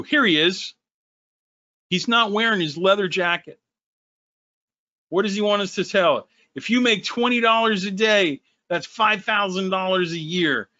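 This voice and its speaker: Animated, sarcastic man on a webinar. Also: no echo, muffled recording. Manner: animated, sarcastic, quick swings in pitch. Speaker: company founder. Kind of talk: sales webinar talk.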